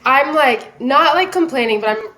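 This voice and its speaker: A young woman telling a story as a podcast guest, casual and animated, with lots of filler words. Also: high voice, normal speed, slight background noise.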